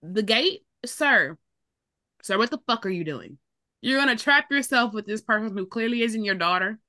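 Animated, bright-voiced woman podcast co-host. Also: on the high side, normal speed, no echo, clean studio sound. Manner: blunt, exasperated, swears freely. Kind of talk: casual movie discussion.

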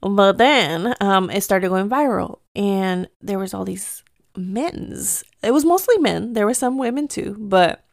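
A woman's voice: mid-range voice, expressive, unhurried, gravelly, no room sound, clean studio sound. A woman in her thirties hosting her own podcast, talking candidly and casually with lots of "like". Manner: candid, chatty, heavy use of "like". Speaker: podcast host. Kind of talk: casual chat.

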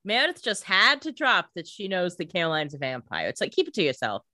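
A woman's voice: lowish voice, huge pitch swings, brisk, bright, forceful tone, no room sound, clean studio sound. A woman co-hosting a casual recap chat, giving wry, exasperated commentary. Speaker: podcast co-host.

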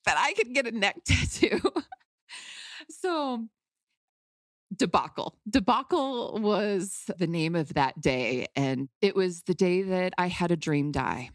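A woman's voice: medium pitch, no echo, studio quality. A woman hosting a podcast, candidly telling a personal story in an emotional, outspoken way with casual swearing. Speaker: podcast host.

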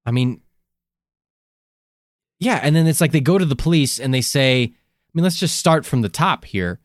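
Animated, rambling male podcast co-host. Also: a little high, normal speed, no room sound, studio quality. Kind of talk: casual chat.

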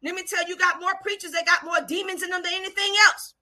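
A woman preacher, delivering a fiery sermon with call-and-response, shouting and repeating phrases. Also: very high-pitched, fairly even intonation, fast talker.

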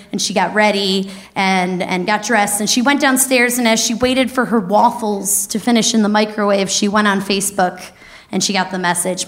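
A woman in her thirties telling a wild personal story on stage, lively and laughing as she goes. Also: medium pitch. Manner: lively, animated, breaks into laughter. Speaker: comedic storyteller. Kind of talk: stand-up storytelling.

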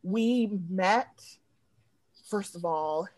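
A woman comedy writer in a loose podcast chat, swearing freely and breaking into giggles as she tells her stories. She talks at an unhurried, drawn-out pace. The voice sounds close and dry, with no room around it. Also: medium pitch, darkish tone, no room sound. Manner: profane, giggly storyteller who laughs mid-sentence.

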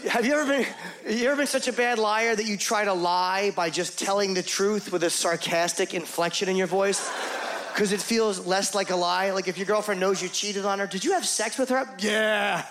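A middle-aged man telling a crude, self-mocking story in stand-up comedy, rambling and animated. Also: high voice, normal speed, background noise.

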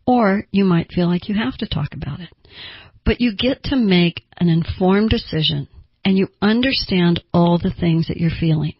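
A woman therapist explaining emotions in a calm, plain teaching manner with homely examples. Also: fairly low pitch, normal speed, breathy edge, no echo, highs cut off.

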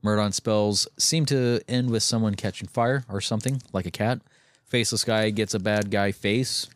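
A man hosting a podcast, loosely recapping an animated web series with chuckles. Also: on the low side, moderate pace, dry recording. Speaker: podcast host.

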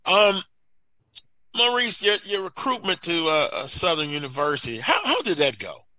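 A man's voice: a little high, very animated, normal speed, sharp tone, no echo. A man hosting a sports talk show, asking questions in a casual interview and often repeating words as he starts a question. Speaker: sports radio host.

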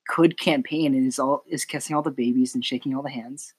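A man's voice: medium pitch, fairly even intonation, brisk, breathy edge. A man hosting a film podcast, talkative and opinionated, steering the conversation back on track. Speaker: podcast host. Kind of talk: casual film discussion.

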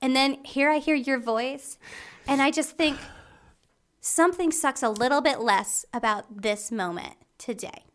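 Woman playing a damned superfan guest in a comedy podcast; bright, insistent, won't let go. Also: high-pitched, measured pace. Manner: eager, insistent, pushy. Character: damned woman, obsessive superfan tortured in hell. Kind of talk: improvised comedy podcast acting.

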